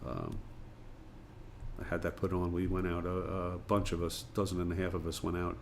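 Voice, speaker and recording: A retired firefighter and pub owner is interviewed, chatting his way through anecdotes with lots of fillers in a casual storytelling style. His low, creaky voice stays fairly even in intonation at a moderate pace, with a little hiss or hum underneath.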